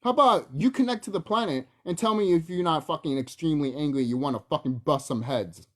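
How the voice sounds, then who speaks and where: Talking fast in a medium-pitched voice, a young adult video blogger rants heatedly at the camera, swearing heavily and mocking the people they're speaking to.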